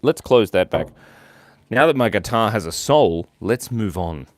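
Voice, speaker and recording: A man's voice: on the low side, animated, a little slow, no echo, studio quality. A young man hosting a casual live stream, chatting playfully with viewers as he draws and reads out their comments. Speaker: livestream host drawing for viewers.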